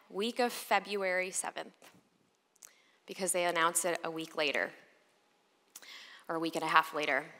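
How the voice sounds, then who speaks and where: A woman speaker from Chicago telling a personal story in an animated way to a live audience, acting out the voices of people in it. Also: medium pitch. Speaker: motivational speaker. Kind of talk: storytelling keynote talk. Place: large event hall on stage. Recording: long reverb of a large hall.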